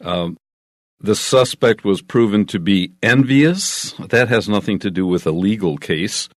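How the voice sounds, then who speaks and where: Deep-voiced man explaining English usage. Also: dry recording, clean studio sound. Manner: measured and explanatory, with small acted examples. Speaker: English teacher.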